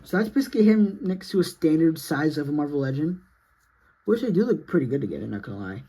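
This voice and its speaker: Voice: medium pitch, sing-song, fast talker, warm tone, breathy edge. A sleepy, yawning action figure reviewer talking through a casual toy review in a rambling, self-correcting, apologetic way.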